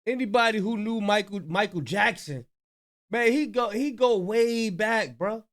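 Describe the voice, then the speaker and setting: A man's voice: high-pitched, a little slow, fairly bright tone. A man throwing in teasing side comments with mock warnings and slang.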